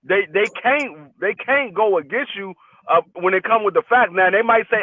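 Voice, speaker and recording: A man's voice: sits high, lively intonation, moderate pace, dry recording. A man on a casual live stream, coaching debate and hammering his points with lots of repetition. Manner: emphatic, repeats his points over and over. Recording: tinny phone-like line.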